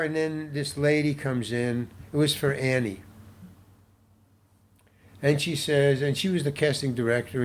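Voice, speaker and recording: A man's voice: a little high, a little hiss or hum. An older man, a guest actor, telling a long anecdote in a rambling way, restarting and repeating words as he goes. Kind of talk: anecdotal storytelling in an interview.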